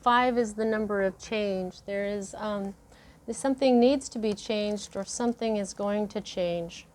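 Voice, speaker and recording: A woman's voice: medium pitch, a little slow, a little mellow. Earnest, rambling woman reading tarot. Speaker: tarot reader. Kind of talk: casual spoken tarot reading.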